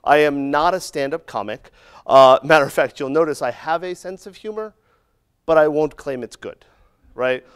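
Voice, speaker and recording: Middle-aged guy doing a jokey conference talk, kinda high voice, keeps saying right?. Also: normal speed, clear, resonant tone. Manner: joking, conversational, often adds "right?". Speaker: conference speaker. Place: conference room.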